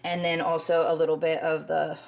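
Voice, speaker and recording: A woman's voice: sits low, flat delivery, fairly quick, vocal fry, noisy background. A woman chatting in a casual voice-over about her cleaning routine, rambling with asides and short of breath. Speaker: cleaning vlogger.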